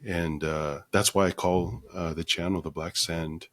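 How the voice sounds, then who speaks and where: A man being interviewed as a podcast guest, talking in a measured, earnest way with frequent pauses. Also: low voice, steady tone, fairly bright tone, dry recording. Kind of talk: reflective interview conversation.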